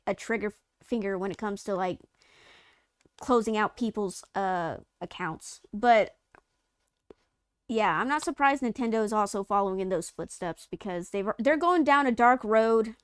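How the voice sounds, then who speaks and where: A woman's voice: mid-range voice, clean tone, no echo, studio quality. Rambling woman on a gaming news stream. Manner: rambling, many fillers and restarts. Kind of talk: casual chat.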